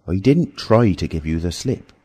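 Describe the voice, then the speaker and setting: A man's voice: low voice, lively intonation, moderate pace, warm tone, husky. A man voicing a cowardly middle-aged tramp who pleads and complains in a self-pitying way in an audiobook. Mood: whining. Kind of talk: audiobook character voice.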